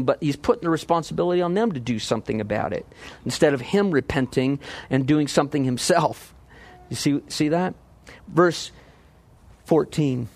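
A man preaching a verse-by-verse sermon in a conversational, animated way, often asking his listeners questions. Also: a little high, dry recording. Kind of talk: expository sermon.

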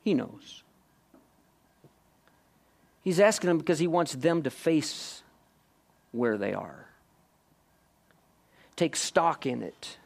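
Slow-paced, animated male preacher. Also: on the high side, gravelly. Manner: questions listeners directly, shifts from hushed to emphatic. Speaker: pastor. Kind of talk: sermon.

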